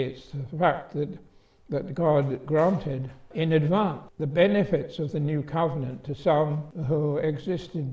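A man delivering a sermon in a measured, deliberate way, telling a story to make his point. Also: a little high. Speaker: preacher. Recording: dull lo-fi sermon recording.

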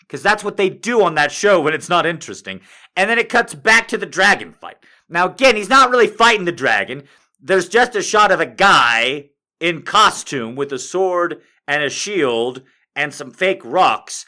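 Animated, bright-voiced exasperated male comedian. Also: sits high, moderate pace. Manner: exasperated, profane, mocking impressions. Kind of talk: stand-up rant.

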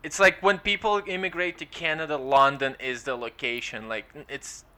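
Young man, bright forceful voice, slightly high, laughs a lot, loose rambling chat. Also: steady tone, normal speed. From Ukraine. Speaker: stand-up comic, podcast guest. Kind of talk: casual chat.

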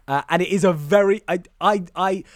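A man with a fairly high voice talks through a film's plot on a podcast, joking and swearing as he goes. The sound is close and dry, with no room around it. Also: moderate pace, dry recording. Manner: swearing, joking, animated retelling. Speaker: podcast co-host. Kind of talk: casual chat recapping a film.

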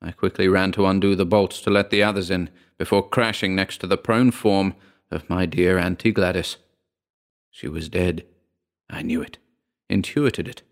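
Deep-voiced man narrating horror. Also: fairly even intonation. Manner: measured, grave storytelling.

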